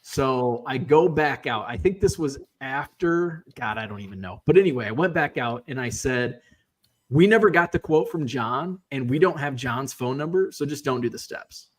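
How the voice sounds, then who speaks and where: A man telling a story casually, acting out the quoted lines with lively shifts in his voice. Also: mid-range voice, moderate pace. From Midwestern US. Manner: animated, acts out quoted voices. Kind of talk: casual storytelling on a live stream.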